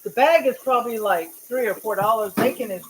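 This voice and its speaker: A woman's voice: on the high side, a little fast, slight background noise. A woman hosting a cooking vlog, rambling chattily and talking straight to her viewers from her home kitchen. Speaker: cooking channel host.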